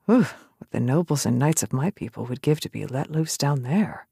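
A man's voice: medium pitch, animated, normal speed, creaky, warm tone, breathy edge, no echo, clean studio sound, voice pushed up. A male narrator voicing a curious young woman warrior from a foreign land, asking earnest, wondering questions. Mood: impressed.

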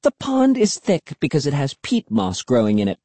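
A smug, bossy young girl from a storybook, whining and teasing in a high, springy voice. A man acts her out over a dry, close mic, with a mellow, slightly husky tone under the lift. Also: huge pitch swings, moderate pace, dry recording, full character voice.

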